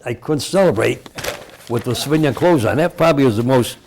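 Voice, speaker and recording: A man's voice: mid-range voice, animated, a little fast, a little mellow, a little hiss or hum. A man in his eighties from Cleveland, Ohio, a veteran telling his story in an oral history interview, rambling and chuckling often. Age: 80s.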